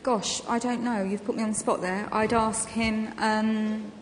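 A woman telling anecdotes on stage in an interview, full of ums and quick laughs. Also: on the high side, flat delivery, a little hiss or hum. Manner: chatty anecdotal storytelling with frequent ums and laughs. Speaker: guest actress and comedian. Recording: echoey hall with long reverb, faint ambience.

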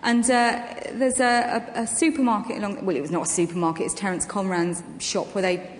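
A woman telling anecdotes on stage in an interview, full of ums and quick laughs. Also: medium pitch, fairly even intonation. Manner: chatty anecdotal storytelling with frequent ums and laughs. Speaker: guest actress and comedian. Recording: echoey hall with long reverb, faint ambience.

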